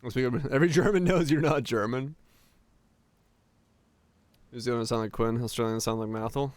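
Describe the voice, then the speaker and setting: A man's voice: mid-range voice, normal speed, no echo. A young man from Finland, chatting casually with his viewers while streaming a game, rambling with lots of restarts and fillers.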